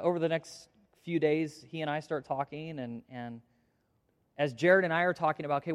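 Emotional pastor in an echoing hall. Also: male voice, fairly high pitch. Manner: emotional, halting storytelling with many restarts. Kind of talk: prayer and church announcement. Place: church auditorium. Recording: long reverb of a church hall.

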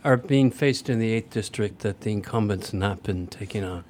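A man's voice: on the low side, moderate pace, darkish tone. A man co-hosting a radio show, asking questions in a plain, matter-of-fact way. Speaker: radio co-host. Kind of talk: casual radio chat.

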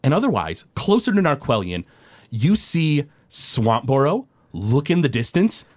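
A man's voice: medium pitch, big pitch swings, measured pace, a little mellow, no room sound. A man narrating a tabletop game as game master, describing scenes loosely with many fillers.

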